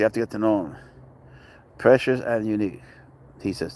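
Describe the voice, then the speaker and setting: A man's voice: on the low side, normal speed, long pauses. A man chatting casually outdoors at a dog park, joking, talking to his cat and greeting viewers by name. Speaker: pet owner vlogger. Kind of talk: casual rambling chat.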